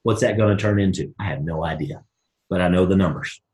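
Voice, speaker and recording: A man leading a live motivational coaching call, energetic and acting out both sides of sample conversations. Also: low-pitched, a little fast, echoey room. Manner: energetic, folksy, acts out both sides of dialogues. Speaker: network marketing team leader.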